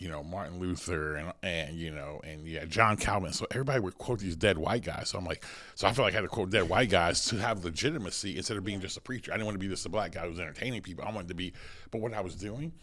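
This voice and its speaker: An American man who is a pastor and podcast host, telling stories in an energetic, conversational way with many restarts. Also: low-pitched, fast. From United States.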